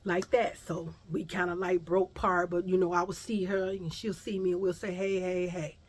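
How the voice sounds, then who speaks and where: A woman telling a personal story in a casual vlog, animated and profane, talking straight to her viewers. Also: lowish voice, normal speed, husky.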